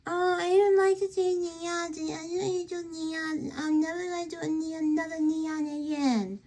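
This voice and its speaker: A woman putting on a high, whiny voice for a woman friend who swears off neon polish. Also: fairly even intonation, normal speed, darkish tone. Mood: protesting. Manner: high, protesting, exaggerated.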